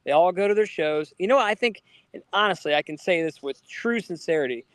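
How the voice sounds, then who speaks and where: A man co-hosting a casual podcast, telling stories in a lively way and acting out the people he quotes. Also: sits high, brisk, dry recording. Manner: animated storyteller, acts out quoted people. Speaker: podcast co-host. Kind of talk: casual storytelling chat.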